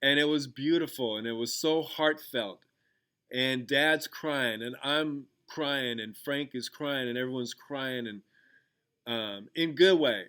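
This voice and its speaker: Slow-paced, with a sharp, clear, resonant mid-range voice, a man who teaches and hosts a podcast talks listeners through a gratitude exercise. He's conversational and loose, using many fillers and restarts, and he retells a story from one of his classes.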